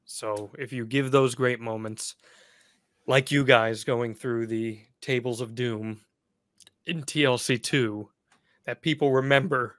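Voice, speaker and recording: A man co-hosting a podcast, asking questions and reminiscing like an excited fan, laughing easily. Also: mid-range voice, takes it slowly, dry recording, clean studio sound. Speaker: podcast co-host. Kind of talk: casual chat.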